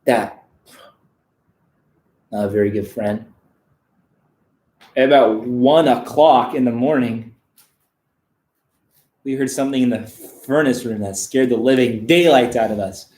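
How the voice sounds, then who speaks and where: Guy reading a kids book deadpan with crude little asides, medium voice, kinda roomy echo. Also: mid-range voice, a little slow, long pauses. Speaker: reader of a children's book on a live stream. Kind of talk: mock-serious comedic book reading.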